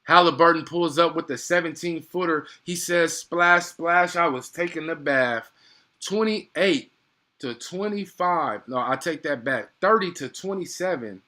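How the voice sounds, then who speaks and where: A young man doing casual live play-by-play of a basketball game, excitable and slangy, chatting with his viewers between plays. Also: a little high, unhurried.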